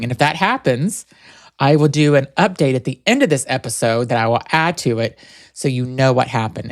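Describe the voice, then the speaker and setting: A man's voice: mid-range voice, no room sound. A man hosting a podcast in a casual, rambling and playful way. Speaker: podcast host.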